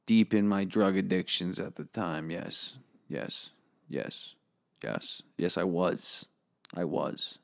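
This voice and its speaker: A man's voice: low voice, vocal fry. A man telling a comedic story in a boastful, rambling way, swearing freely.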